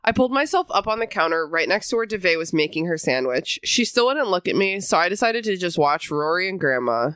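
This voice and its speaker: A young woman co-hosting a podcast, reading her old teenage diary aloud and cutting in with wry, cheeky asides. Her pitch moves around a lot as she talks. The recording is dry and close, with almost no room sound. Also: big pitch swings, brisk, hardly any pauses, fairly bright tone, dry recording. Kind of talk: comedic reading and banter.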